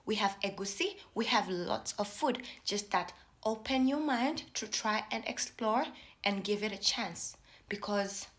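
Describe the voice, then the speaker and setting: A woman's voice: medium pitch, a little slow, a bit bright. A woman from Africa with an African English accent, speaking straight to viewers in emphatic, pleading commentary and repeating lines for stress. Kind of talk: impassioned direct-to-camera commentary.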